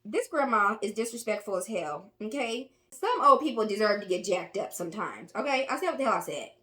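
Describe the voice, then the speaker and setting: A woman's voice: medium pitch, very animated, fairly quick, fairly bright tone. Blunt woman host reacting to a clip. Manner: blunt, exasperated remarks. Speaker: commentary channel host. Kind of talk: reaction commentary.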